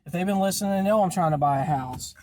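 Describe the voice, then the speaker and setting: A man's voice: high-pitched, fast. A man chatting casually from inside a moving car as podcast host, grumbling and swearing a lot. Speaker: podcast host, delivery driver. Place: inside a car while driving. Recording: loud car road noise. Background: car engine and road noise.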